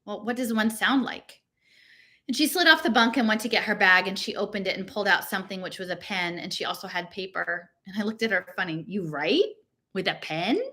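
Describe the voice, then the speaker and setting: A woman reading a novel aloud in a casual voice, slowing down when she reads out long strings of numbers. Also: mid-range voice, sharp tone. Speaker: reader.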